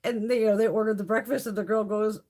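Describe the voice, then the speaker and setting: A woman's voice: medium pitch, fairly even intonation, fast, mellow. A woman hosting a live beauty stream, chatting with viewers in a blunt, profane, ranting way and laughing often. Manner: laughs often while talking. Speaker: beauty livestream host.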